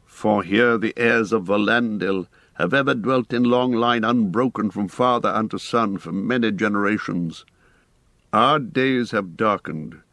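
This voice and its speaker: Audiobook ranger heir, read by a man: low-pitched, grave, measured, dry mic. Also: a bit bright, no echo. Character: weathered male ranger, noble and steady.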